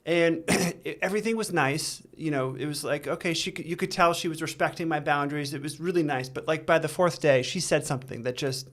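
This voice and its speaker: A man, a podcast guest, telling a personal story in earnest, halting speech with frequent restarts. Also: a little high, a bit bright. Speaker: interview guest. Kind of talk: candid storytelling in a recovery interview.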